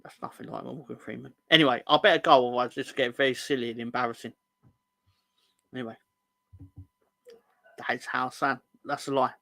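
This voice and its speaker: A man's voice: mid-range voice, steady tone, a little fast, long pauses, sharp tone, no room sound. A man co-hosting a football podcast, casually reading out viewer comments in a rambling, joking way, swearing and correcting himself as he goes.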